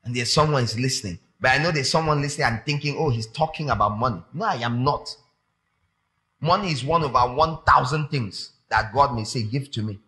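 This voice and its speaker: A man preaching a sermon, animated and emphatic, repeating phrases for effect. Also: mid-range voice, fairly quick.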